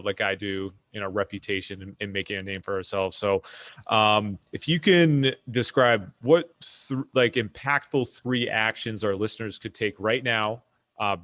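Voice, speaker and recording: A man's voice: lowish voice, fairly bright tone, no room sound. A man hosting a podcast, asking questions in a jokey, chatty way. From United States. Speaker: podcast host. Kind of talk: casual interview chat.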